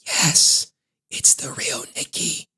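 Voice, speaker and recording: A man voicing a ghostly young woman in a hushed, unvoiced whisper, as whispered role-play. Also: high voice, little pitch movement, extremely slow, slightly rough, no room sound, pitched above the performer's own voice, full character voice.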